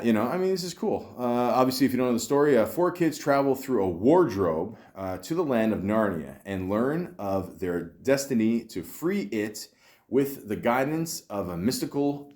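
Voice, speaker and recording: A podcast host with a low voice, talking casually and loosely about films. He rambles, restarts his sentences and fills the gaps with "uh" and "you know." His tone is relaxed and sprinkled with swearing. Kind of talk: casual film-talk podcast chat.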